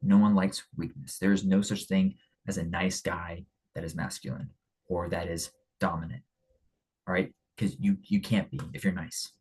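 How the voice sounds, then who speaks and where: Casting: young man, deep husky voice, blunt motivational talker, repeats for emphasis. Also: flat delivery, normal speed, darkish tone, poor audio. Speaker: speaker on men's character. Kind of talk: casual motivational talk.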